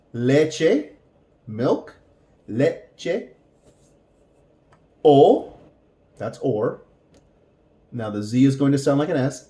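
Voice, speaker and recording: A man teaching a beginner language lesson, repeating words slowly and patiently for practice. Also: a little high, dark tone, echoey room. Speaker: Spanish teacher.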